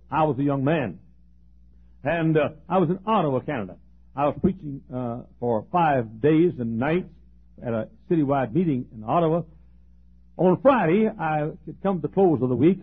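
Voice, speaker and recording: A man's voice: fairly high pitch, slightly rough. A man preaching a sermon in a folksy way, chuckling and restarting his sentences as he goes. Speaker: pastor. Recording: tinny phone-like old tape.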